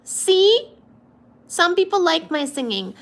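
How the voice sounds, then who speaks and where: A woman hosting a casual livestream, reading out and thanking viewers' comments, with frequent laughs and throat-clearing. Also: very high-pitched, sing-song, slow pace, a bit bright. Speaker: livestream host.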